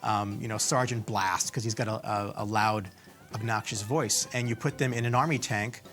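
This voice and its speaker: A man's voice: lowish voice, steady tone, normal speed, fairly bright tone. Guy in an interview gushing about a cartoon, music playing under. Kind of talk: reminiscing in interview.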